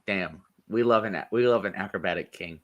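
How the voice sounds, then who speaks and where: A young man co-hosting a podcast in casual, jokey chat, animated and swearing freely. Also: sits low, a little fast, lo-fi sound. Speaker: podcast co-host.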